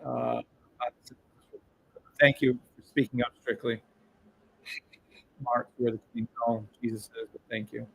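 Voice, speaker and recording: A middle-aged man streaming live trades, hyped up, yelling and swearing, repeating hype phrases over and over. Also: medium pitch, little pitch movement, measured pace, vocal fry, long pauses, breathy edge, low-quality recording. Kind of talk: live-stream trading commentary.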